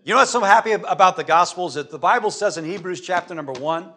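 A man preaching with a voice pitched a little high for a man. He tells the stories with animation, rising to loud passages and then dropping almost to a murmur. He sounds like a pastor delivering a sermon to his congregation. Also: fast talker, few pauses. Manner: animated storytelling, swinging from loud to hushed.

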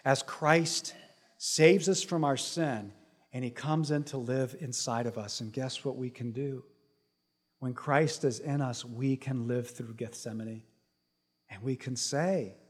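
A man preaching a sermon, dropping to a hushed low voice and then building to loud, rising emphasis, with repeated phrases stacked for effect. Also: fairly even intonation, slow, husky. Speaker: pastor.

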